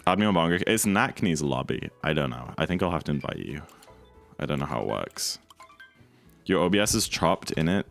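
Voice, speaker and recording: Chatting and joking with viewers during a speedrun stream, a man plays around and reads chat out loud. His very deep, gravelly voice swings widely in pitch and moves briskly. Faint music plays behind him.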